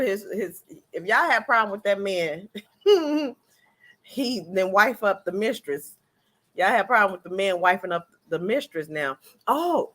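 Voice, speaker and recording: A woman giving casual gossip commentary as a vlogger, talking in an animated, colloquial way and laughing often. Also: medium pitch.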